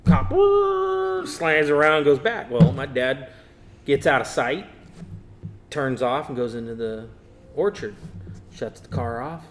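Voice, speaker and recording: Casual podcast guest, male, animated storyteller. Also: mid-range voice, a little slow, long pauses, a little hiss or hum. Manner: animated storyteller, acts out quotes. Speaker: guest, race car builder. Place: podcast studio.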